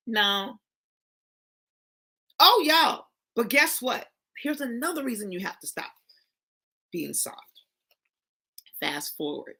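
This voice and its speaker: A woman's voice: a little high, sing-song, takes it slowly, vocal fry, pauses often, sharp tone, breathy edge. A woman giving an emphatic, preachy motivational talk who calls her listeners y'all and honey. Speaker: motivational speaker.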